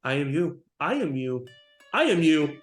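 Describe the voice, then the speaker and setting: A man's voice: a little high, sing-song, measured pace. A man voicing an unhinged male dragonborn noble who rambles in sing-song repetitions and rhymes. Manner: sing-song muttering, repeats words, rhymes. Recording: roomy with faint music.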